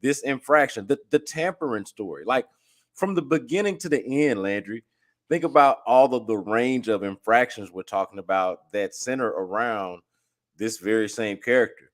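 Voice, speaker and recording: A man's voice: mid-range voice, normal speed. A man co-hosting a sports talk show, building a long, emphatic argument in a casual way. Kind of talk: casual chat.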